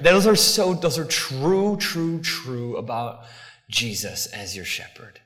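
Animated bright-voiced male preacher. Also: a little high, long reverb tail. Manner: animated and conversational, with asides and acted-out voices. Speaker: pastor. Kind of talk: sermon.

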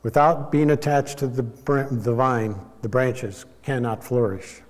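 A man giving a sermon as a Bible teacher, explaining in a measured way and now and then correcting himself. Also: medium pitch, fairly even intonation, big-room sound.

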